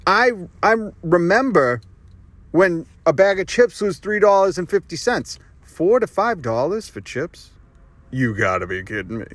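A man's voice: high-pitched, very animated, unhurried, no room sound. A man hosting his own podcast, delivering a rambling, sarcastic and profane solo rant. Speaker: podcast host. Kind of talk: ranting monologue.

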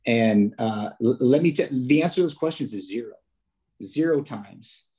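A man's voice: mid-range voice, animated, moderate pace, mellow, breathy edge. A police officer, a man, chatting as a podcast guest, telling stories casually with many restarts and fillers. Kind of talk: casual interview storytelling.

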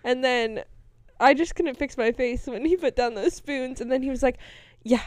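A young woman co-hosts a podcast, chatting casually and telling stories animatedly, acting out the quotes. Her voice sits high, at a moderate pace, with no room sound.

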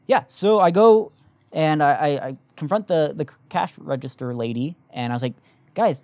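A young man in casual chat, telling a story with lively energy and plenty of swearing. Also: fairly high pitch, moderate pace, dry recording. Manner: animated storytelling, swears freely.

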